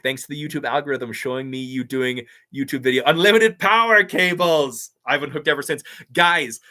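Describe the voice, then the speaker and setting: An upbeat man casually chatting on a live stream and reading out viewer comments. His voice sits at an ordinary pitch, and he talks eagerly and loosely, full of "like" and "um". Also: a bit bright. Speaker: YouTube creator hosting a live stream.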